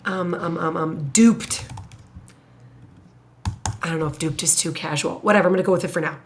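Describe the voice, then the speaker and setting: A woman teacher thinking out loud as she writes an essay paragraph, musing, hesitating and correcting herself as she goes. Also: fairly low pitch, steady tone, normal speed, a little hiss or hum. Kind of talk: thinking aloud while writing an essay paragraph.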